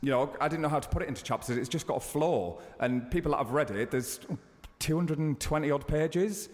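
A man in his thirties, a guest chatting in an interview, telling stories with sudden high excited bursts. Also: a little fast, big-room sound. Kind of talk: casual interview chat.

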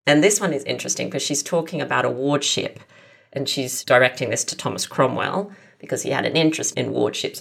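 Woman, very deep gravelly voice, podcast guest, discursive historian. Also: fairly bright tone. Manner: thoughtful, explains at length with many asides. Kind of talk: podcast interview.

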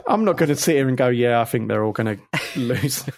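A man co-hosting a podcast in casual chat, talking in a measured, thoughtful way. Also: mid-range voice, lively intonation, dry recording, studio quality. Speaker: podcast co-host.

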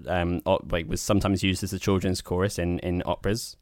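A man's voice: sits low, flat delivery, a little fast, dry recording, studio quality. A man co-hosting a podcast, talking about films in a wry, rambling way with plenty of restarts. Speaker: podcast co-host. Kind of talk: casual film review chat.

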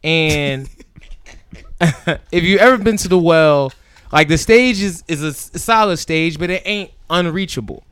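A man's voice: on the high side, measured pace, clean tone. A man with a Philadelphia accent, co-hosting a podcast, who tells stories in casual, profane chat and acts out what others said. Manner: animated, profane, quotes others in put-on voices. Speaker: podcast co-host.

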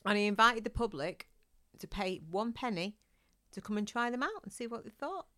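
A woman with a smooth, clear voice co-hosts a casual family podcast. She tells her facts as loose, rambling stories, full of restarts and fillers. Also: on the high side, expressive, normal speed, sharp tone. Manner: chatty, rambling storyteller with many restarts. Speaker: podcast co-host.

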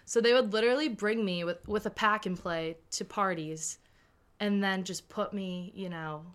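A woman's voice: medium pitch, moderate pace, clean tone. Chatty young woman telling anecdotes. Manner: chatty storyteller, animated anecdotes. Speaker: podcast guest. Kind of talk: casual chat.

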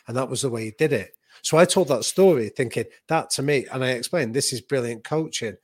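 A man, a boxing coach and author, telling a story in vivid anecdotal detail, with quick restarts as he goes. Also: mid-range voice, slightly rough, dry recording. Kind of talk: animated conversational storytelling.

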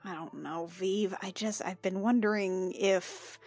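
A woman's voice: medium pitch, fairly even intonation, measured pace, darkish tone, soft background music. A woman playing a tabletop game, chatting and wondering aloud with friends. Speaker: player. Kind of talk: casual chat.

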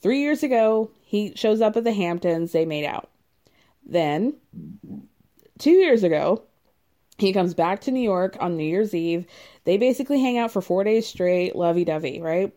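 A woman's voice: mid-range voice, lively intonation, moderate pace, warm tone. A woman hosting a podcast, chatting casually through a reality show recap, laughing often and saying "like" a lot.

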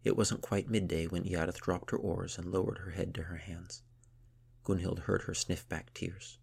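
A man narrating a storybook in a slow, measured, soft reading voice. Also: low voice, steady tone, creaky, husky.

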